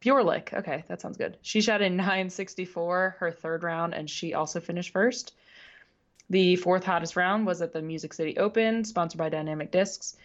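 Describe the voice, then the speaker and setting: A woman with a lowish voice talks at a moderate pace in a recording with the highs cut off. She's co-hosting a casual sports radio show, laughing often and sometimes stumbling on names.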